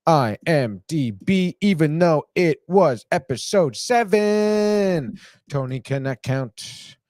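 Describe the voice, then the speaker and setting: A man's voice: on the high side, expressive, slow, a little mellow, no room sound, studio quality. A man hosting a podcast, recapping a TV episode in a rambling, profane, casual way and saying "dude" a lot. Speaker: podcast host.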